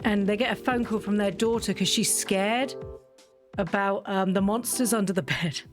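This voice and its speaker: A woman's voice: mid-range voice, moderate pace, faint music behind. A woman hosting a casual game video, chatty and teasing, scolding the characters she plays with. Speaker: gaming video host. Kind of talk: casual let's-play chat.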